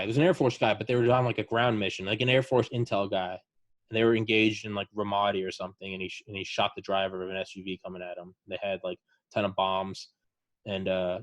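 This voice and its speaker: On a dry recording, a low-voiced podcast host chats casually, recounting war stories from veterans. His delivery wanders and is packed with filler words.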